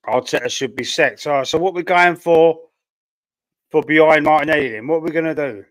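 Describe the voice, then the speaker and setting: A man's voice: fairly high pitch, dry recording. A man with a Cockney accent, chatting casually on a football fan stream, rambling and thinking aloud with lots of fillers while fighting a cough. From London, England. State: coughing, a bit choked. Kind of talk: casual live-stream chat, reading viewer comments.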